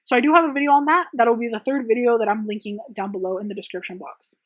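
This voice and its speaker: A young woman talks through viewer questions in a loose, rambling vlog manner, full of "like" and "um" fillers. Her voice sits a little high for a woman. The sound is dry, with almost no room echo. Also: fast talker. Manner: casual and rambling, many "like" and "um" fillers. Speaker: press-on nail artist and channel host. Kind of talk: chatty Q&A vlog.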